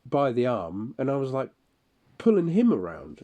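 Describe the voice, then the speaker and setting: A man talking through a personal audio-diary monologue in halting, broken phrases full of restarts. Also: medium pitch, very animated, warm tone. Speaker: audio diarist. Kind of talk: personal monologue recalling incidents.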